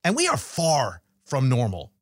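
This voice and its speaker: A man's voice: mid-range voice, huge pitch swings, unhurried, no room sound, studio quality. A man giving casual market commentary, conversational and chatty, with fillers, restarts and storytelling asides.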